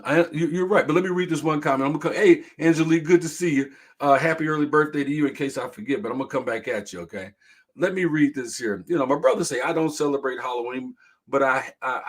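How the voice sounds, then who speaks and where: A middle-aged man hosting a casual live-stream talk show, telling stories and reading viewer comments aloud. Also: mid-range voice. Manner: animated storytelling, reads viewer comments aloud, laughs hard.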